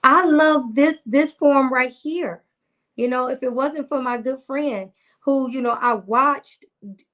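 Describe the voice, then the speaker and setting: A woman's voice: high-pitched, a bit bright. A woman guest in a casual faith conversation, earnest and preacherly, repeating lines for emphasis.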